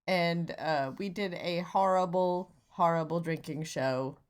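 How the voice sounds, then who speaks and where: A woman co-hosting a comedy podcast, teasing dryly and talking in halting restarts. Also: fairly low pitch, clear, resonant tone. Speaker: podcast co-host. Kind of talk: casual comedy chat.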